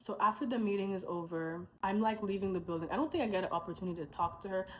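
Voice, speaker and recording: A woman's voice: medium pitch, quick pace, fairly bright tone, slight background noise, poor audio. A young woman in a casual vlog, telling her faith testimony as a rambling story. She adds asides, corrects herself and acts out what she and others said. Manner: chatty storytelling, acting out her own past dialogue.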